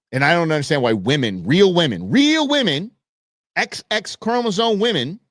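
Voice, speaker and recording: A man's voice: medium pitch, no echo. Blunt, rambling man host, dry sound. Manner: rambling, blunt, swings between loud and muttered asides. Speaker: talk show host. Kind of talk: casual opinionated monologue.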